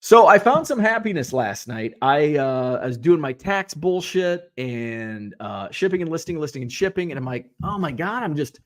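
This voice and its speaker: A middle-aged man hosts a relaxed live stream in a fairly high voice. He reads out viewer comments and chats back in an easy, animated way. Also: normal speed, hardly any pauses. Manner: chatty, animated, reads comments aloud and reacts. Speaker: host.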